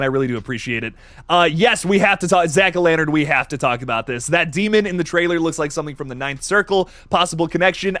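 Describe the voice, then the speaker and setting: A man hosting a live horror stream, his pitch leaping up and down as he laughs and reacts. He sounds fairly high for a man and keeps excitedly reading out viewer comments. The room sounds dry and close. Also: no echo. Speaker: livestream host.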